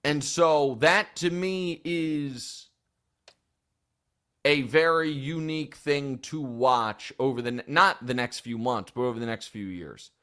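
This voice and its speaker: An opinionated male sports talk host. His voice sits at an ordinary middle pitch, and he builds his points in long, rambling, thinking-aloud runs, like casual studio commentary. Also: slow, pushed and bright, clear, resonant tone.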